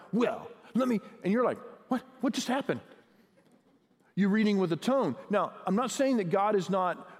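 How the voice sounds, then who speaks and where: A man with a high voice preaches a sermon, talking to the congregation as if in conversation and pressing harder as he goes. His voice rings out with the long reverb of a big church hall. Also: darkish tone. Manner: conversational, asks the audience questions, builds in intensity. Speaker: pastor.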